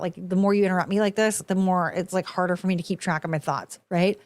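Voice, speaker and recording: A woman's voice: medium pitch, fast, hardly any pauses. Blunt, profane woman host mocking clips. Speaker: podcast host. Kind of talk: casual commentary on video clips.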